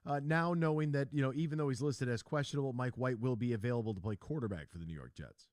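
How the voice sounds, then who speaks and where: A man hosting a sports talk radio show, casual and jokey, telling stories with animated voices. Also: mid-range voice, fast talker, no room sound, studio quality. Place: radio studio. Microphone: studio microphone.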